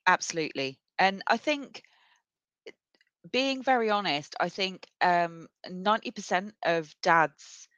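A woman's voice: on the low side, unhurried, a bit bright, smooth, dry recording. A woman hosting a casual podcast interview, chatty and frank with plenty of fillers. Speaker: podcast host. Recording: dull lo-fi dry sound.

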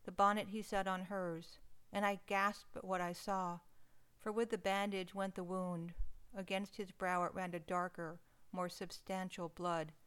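A woman narrating a first-person story in an expressive, emotional reading. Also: fairly low pitch, measured pace, clean tone.

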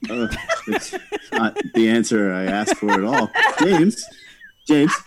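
A man co-hosting a podcast in casual banter, wry and lively. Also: lowish voice, slow, heavy background noise. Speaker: podcast co-host.

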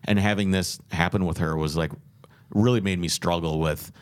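A podcast host with a low, steady voice speaks at normal speed in casual podcast chat. He tells a long road trip story in a rambling, earnest way, restarting often.

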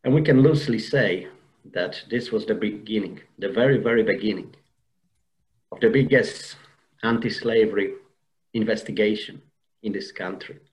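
A man's voice: on the low side, moderate pace, long pauses, darkish tone, low-quality recording. Earnest man telling an emotional story. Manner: earnest, emotional, with frequent restarts and repeated words. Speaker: podcast guest. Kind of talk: personal storytelling in an interview.

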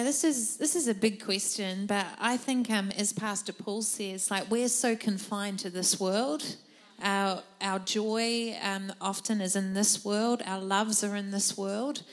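A woman answering a question on a church panel in a thoughtful, measured way. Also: medium pitch.

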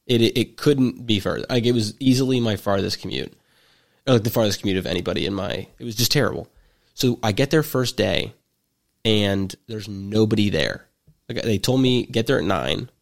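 A man's voice: lowish voice, creaky. A man in his twenties telling a story in casual chat, rambling with many fillers and restarts, and wry and jokey in his delivery. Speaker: podcast storyteller.

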